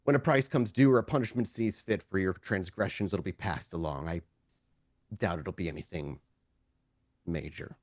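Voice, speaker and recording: A man voicing a weary, gruff male vampire hound who speaks low and terse. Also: normal speed, no echo, clean studio sound, close to an everyday voice.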